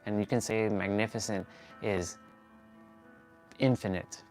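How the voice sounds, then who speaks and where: Male livestream host, lower register, earnest and meandering, thinks aloud while stretching on the floor. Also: steady tone, measured pace, darkish tone, faint music behind. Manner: earnest, rambling, restarts and corrects himself. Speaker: fitness and motivation livestream host. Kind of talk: motivational talk while stretching.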